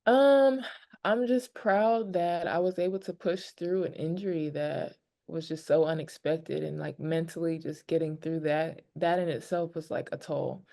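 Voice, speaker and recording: A woman's voice: low voice, steady tone, unhurried, gravelly, warm tone. A woman, a pro basketball player, answering press questions candidly and emotionally, with lots of fillers. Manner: candid, rambling with many fillers. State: emotional, near tears.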